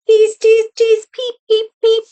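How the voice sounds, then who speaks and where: A woman voicing tiny, cute puff creatures in a storybook, chirping their words in a high, repetitive way. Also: completely flat delivery, takes it slowly, dark tone. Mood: cheery.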